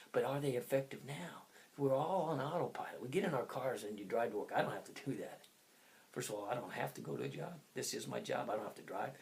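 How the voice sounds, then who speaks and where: His voice is gravelly: a man in his sixties offering casual coaching and motivation in a chatty, unstructured way. Pitch rises and falls everywhere, tangents pile up, and he shifts from loud bursts to asides barely above a whisper.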